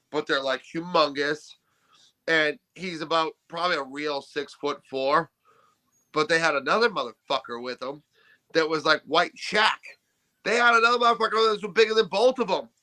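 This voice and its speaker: High, bright-voiced American storyteller man. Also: normal speed. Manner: animated storyteller, swears freely. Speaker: podcast co-host. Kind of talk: casual podcast chat.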